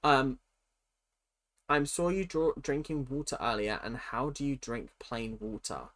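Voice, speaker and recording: A man's voice: medium pitch, a little slow, fairly bright tone. A young man with a cold, chatting casually on a livestream as he reads viewer questions aloud and answers them candidly. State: has a cold. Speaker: streamer.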